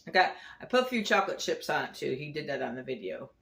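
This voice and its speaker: A woman's voice: low-pitched, big pitch swings, fast talker, vocal fry, a bit bright, roomy sound, a little hiss or hum. A woman chatting casually through a home recipe demo, rambling with frequent restarts and little laughs. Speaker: home cooking vlogger. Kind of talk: casual kitchen demo chat. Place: home kitchen.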